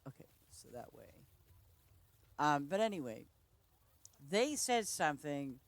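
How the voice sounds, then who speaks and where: This woman's voice is low-pitched with big swings in pitch, and she speaks a little slowly with no echo. She streams a farming game while chatting casually, a rambling storyteller who laughs often and keeps interrupting herself.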